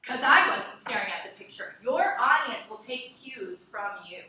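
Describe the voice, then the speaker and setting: A woman teaches a class with a bright, fairly high voice, quizzing her students as she goes. She is heard from some distance in an echoey room, with faint background noise. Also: normal speed. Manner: lively, asks the class questions. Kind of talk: classroom lecture.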